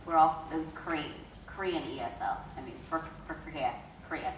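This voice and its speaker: A woman's voice: low voice, brisk, a little hiss or hum. A woman, a voice actor on a convention panel, telling a casual story in a chatty, stop-and-start way. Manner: chatty, self-interrupting. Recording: echoey hall recorded from far off.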